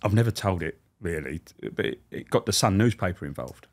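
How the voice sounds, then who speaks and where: A man's voice: deep voice, expressive, a little fast, a little mellow. A middle-aged man, a former prison officer, telling anecdotes as a podcast guest, swearing freely and acting out the people he quotes. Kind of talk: anecdotal storytelling.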